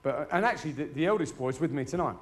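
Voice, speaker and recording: A man's voice: on the high side, animated, rapid-fire. A middle-aged man telling crude stories in a stand-up routine, swearing freely. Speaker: stand-up comedian. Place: live show before an audience.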